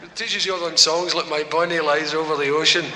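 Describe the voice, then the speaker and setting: A man's voice: on the high side, steady tone, a little fast. A man doing live stand-up, rambling through jokes and laughing at his own punchlines. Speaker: comedian and singer. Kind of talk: live stand-up with comic songs. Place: large concert hall with audience. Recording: echoey hall recording with guitar.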